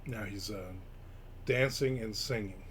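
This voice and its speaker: Male host, sarcastic, foul-mouthed, forceful tone. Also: fairly low pitch, measured pace, a little hiss or hum. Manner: profane, sarcastic grumbling. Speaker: podcast host. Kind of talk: casual live-stream chat.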